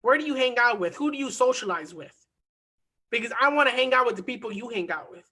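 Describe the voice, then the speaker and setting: Speaking quickly in a very high-pitched voice, a man teaches a motivational online coaching lesson on marketing and mindset. He is energetic and repeats key phrases for emphasis.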